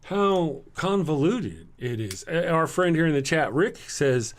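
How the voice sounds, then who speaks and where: A man with a Southern US accent, hosting a casual livestream and answering chat. He sounds tired, talks bluntly and sarcastically, and clears his throat often. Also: on the high side, lively intonation, a little slow. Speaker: livestream host reading chat.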